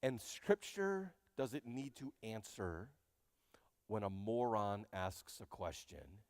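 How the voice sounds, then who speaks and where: A man preaching a sermon as pastor, animated and joking, speaking straight to his congregation in a church. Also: lowish voice, slow, dry recording, big-room sound. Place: church sanctuary.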